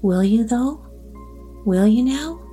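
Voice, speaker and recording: A woman voicing a talkative, nervous old grandmother on a train, in a soft, mellow voice over quiet music. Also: on the high side, animated, slow. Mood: relieved. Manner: talkative, fretful, trusting.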